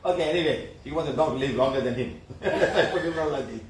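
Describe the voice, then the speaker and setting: A man's voice: a little high, very fast. Laughing man in echoey room. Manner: animated, laughing, repeats questions to the audience. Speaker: spiritual healer. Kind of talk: casual teaching talk. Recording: echoey room from far off, faint noise.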